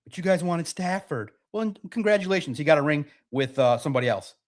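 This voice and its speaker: A man with a notably high voice hosts a sports podcast. He rants with heat and hammers each point, repeating words and mocking the other side. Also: lively intonation, quick pace. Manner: emphatic, repetitive, mocking. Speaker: podcast host. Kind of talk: heated sports podcast rant.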